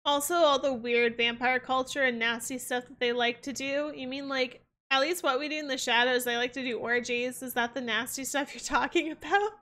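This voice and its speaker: A woman's voice: high-pitched, fairly even intonation, fairly quick, few pauses, bright, forceful tone. A young woman streaming a game, chatting casually in a rambling way. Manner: rambling, full of fillers and restarts. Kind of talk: casual chat while gaming.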